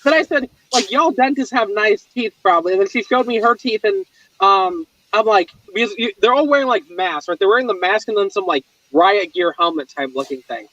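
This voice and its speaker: A young man chatting casually on a livestream call, telling stories in an animated way and laughing often. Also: high voice, a little fast, no echo, dull audio. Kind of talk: casual chat.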